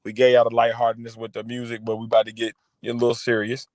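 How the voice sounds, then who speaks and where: A man's voice: medium pitch, completely flat delivery, quick pace, a little mellow, no echo. A man co-hosting a podcast in loose, slangy, emphatic casual chat. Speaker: podcast co-host.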